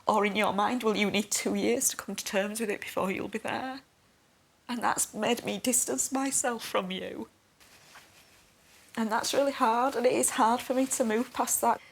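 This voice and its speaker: A woman in a family counselling session, crying and struggling for breath between words. She sounds tearful, pleading and hurt as she reproaches her husband. Her voice has a gravelly, creaky edge. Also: on the high side, fairly even intonation, moderate pace. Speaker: mother in family therapy. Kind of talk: emotional confrontation in counselling.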